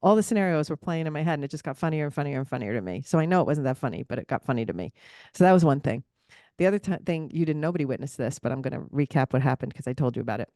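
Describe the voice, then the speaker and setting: Podcast co-host, woman, low register, animated storyteller who laughs easily, dry close recording. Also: rapid-fire, dry recording. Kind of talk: casual chat.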